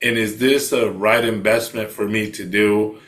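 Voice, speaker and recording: A man's voice: on the low side, steady tone, unhurried, a bit bright. Man hosting, asking long winding questions. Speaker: podcast host. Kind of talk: interview questions.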